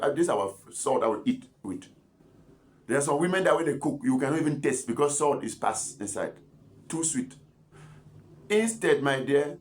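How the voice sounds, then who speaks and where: Chatty scolding man. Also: medium pitch. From Cameroon. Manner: chatty, scolding, rambling with repeated words and asides. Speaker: doctor giving health advice. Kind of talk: informal health talk to camera.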